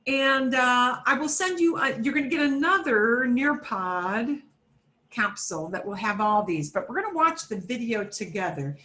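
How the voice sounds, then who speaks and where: A woman's voice: on the high side, animated, normal speed, sharp tone. A woman teaching a beginner Spanish class over a video call, chatty and repetitive, with fillers and self-corrections, switching between English and Spanish. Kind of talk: online class instruction.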